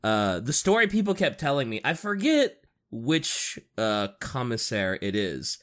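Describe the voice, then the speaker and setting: A co-host in casual chat, excitable, laughing and swearing often. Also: mid-range voice, a little slow.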